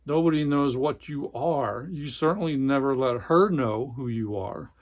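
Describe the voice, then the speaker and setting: A man's voice: mid-range voice, unhurried, natural voice. A man voicing a harsh, accusing older brother, a surgeon who cuts down his sibling, in a novel reading. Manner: cutting, accusing.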